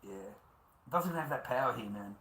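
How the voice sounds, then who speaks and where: A man's voice: medium pitch, lively intonation, normal speed, bright, forceful tone. An Australian man hosting a livestream, rambling and chatting to viewers, swearing freely, laughing often and calling everyone mate. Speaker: livestream host. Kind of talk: rambling live-stream chat.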